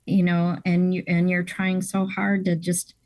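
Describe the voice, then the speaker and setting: An earnest woman speaks with enthusiasm as a guest in a relaxed interview. Her voice sits a little low and sounds close and dry, with no room around it. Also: unhurried, dry recording. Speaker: guest, seminary staff member. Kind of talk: casual interview talk.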